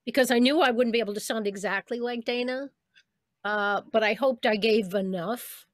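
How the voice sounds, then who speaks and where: A woman's voice: mid-range voice, no room sound, studio quality. An older woman, a voice actress as interview guest, telling stories in a reflective, chatty way with small laughs. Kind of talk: casual interview chat.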